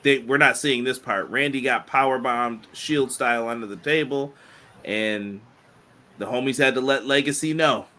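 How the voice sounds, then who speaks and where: A man co-hosting a casual wrestling podcast, animated and quick to laugh and tease. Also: medium pitch. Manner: animated, laughs often, playful teasing. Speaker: podcast co-host.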